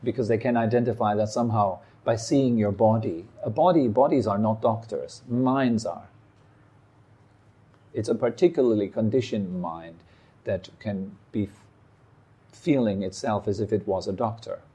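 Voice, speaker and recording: Calm, mellow-voiced male meditation teacher. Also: fairly low pitch, husky. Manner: calm, reflective, speaks in short phrases with pauses. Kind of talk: dharma talk. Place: meditation hall.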